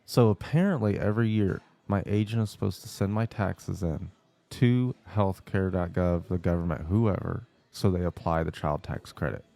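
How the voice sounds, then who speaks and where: A man's voice: low-pitched, normal speed, vocal fry, mellow. A young man co-hosting a podcast, telling a story in casual chat and acting out the phone calls. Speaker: podcast co-host.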